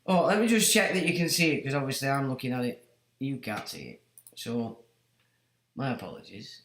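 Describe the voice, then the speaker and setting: A man's voice: medium pitch, lively intonation, brisk, a bit bright, roomy sound. A man hosting a livestream, exclaiming and mocking as he comments. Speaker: livestream host.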